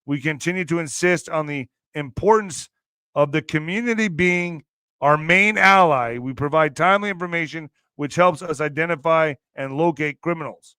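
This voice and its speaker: A man hosting a casual news commentary show, joking, swearing and laughing often, with loud bursts of emphasis. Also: fairly high pitch, moderate pace, clean tone, dry recording. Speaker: show host.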